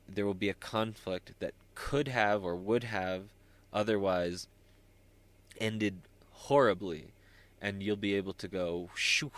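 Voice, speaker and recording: A man's voice: on the low side, a bit bright. A man hosting a solo podcast, talking in a rambling, self-interrupting way with wry asides. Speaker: podcast host.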